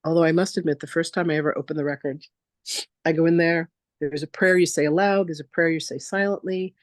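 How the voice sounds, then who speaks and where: A woman spiritual teacher leading a masterclass, telling stories in a chatty, animated way with lots of casual fillers. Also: sits low, fast, no echo, clean studio sound. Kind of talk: casual storytelling lecture.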